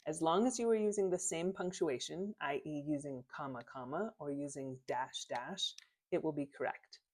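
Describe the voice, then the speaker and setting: Woman, teacher, low voice, clear explanatory lesson, reads examples mark by mark. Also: normal speed, darkish tone. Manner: clear, explanatory, spells out punctuation marks aloud. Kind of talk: lesson on punctuation.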